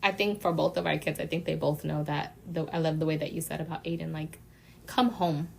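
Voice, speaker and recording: A middle-aged woman co-hosting a casual podcast, heartfelt and quick to laugh. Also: sits low, level tone, creaky, slight background noise. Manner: warm, heartfelt, laughs often. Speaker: podcast co-host. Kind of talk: casual chat.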